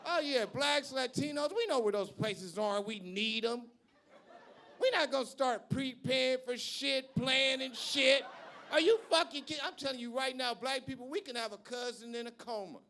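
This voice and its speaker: A brash male comedian working a club stage on a handheld mic. His voice sits very high, with a gravelly rasp and a bright, cutting edge. He is profane and loud, and he shouts his punchlines. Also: normal speed, slight background noise. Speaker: stand-up comedian. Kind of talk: stand-up comedy set.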